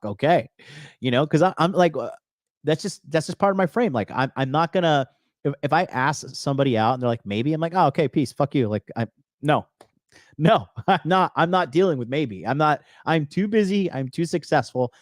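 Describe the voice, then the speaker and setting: A man hosts a casual solo dating commentary, blunt and profane, circling back over the same phrases. His voice sits in a middle pitch. The sound is close and dry, with no room in it. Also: a little mellow, no room sound. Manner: blunt, swears often, repeats phrases.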